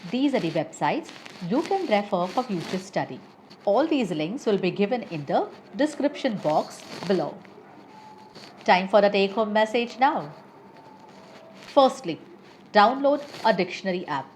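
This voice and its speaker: A woman English teacher giving a lesson, listing example words slowly and carefully. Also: mid-range voice, sing-song, a little mellow, a little hiss or hum, low-quality recording. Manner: slow, deliberate word-by-word listing.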